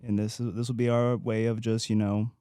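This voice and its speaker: A man's voice: fairly low pitch, little pitch movement, brisk, dark tone, smooth, no room sound, studio quality. A young man hosting a podcast in a laid-back casual chat, teasing his co-host dryly. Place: small room, podcast setup.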